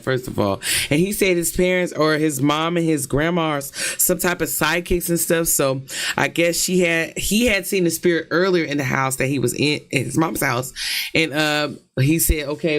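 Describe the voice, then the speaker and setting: A man's voice: on the high side, a bit bright. Bemused man reacting casually. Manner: chatty, bemused, thinking aloud. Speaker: reaction streamer.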